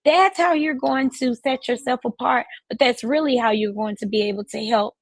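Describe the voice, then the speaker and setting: Husky-voiced woman giving a motivational live talk. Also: a little high, normal speed, no echo, low-quality recording. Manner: emphatic, repetitive, preacherly phrasing. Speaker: financial services coach hosting a live stream.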